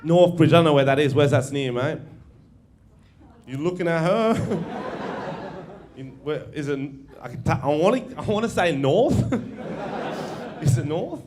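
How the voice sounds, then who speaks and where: A young Australian man performing stand-up comedy on stage, animated and swearing, often laughing at his own stories. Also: on the high side, takes it slowly, pauses often, a crowd in the background. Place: theatre stage with live audience.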